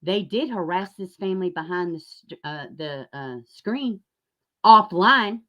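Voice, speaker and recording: A woman's voice: lowish voice, animated, unhurried, sharp tone. A woman hosting a livestream, ranting angrily and sarcastically, cursing often and speaking to viewers in the chat by name. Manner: angry, profane, sarcastic. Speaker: YouTube channel host. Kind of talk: livestream rant.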